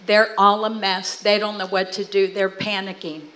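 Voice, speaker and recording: A middle-aged woman, invited to speak at a church, brings her family stories to life by acting out relatives' lines. Her voice is mid-range and moderately paced, heard through poor audio.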